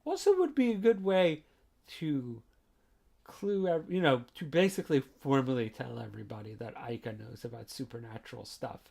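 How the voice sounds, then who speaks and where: A man gives a casual recap of a manga chapter at a mid-range pitch, rambling and filling his sentences with "like" and "you know." His voice has a noticeable gravelly fry. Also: lively intonation, moderate pace, a little mellow. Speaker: podcast host reviewing a manga chapter.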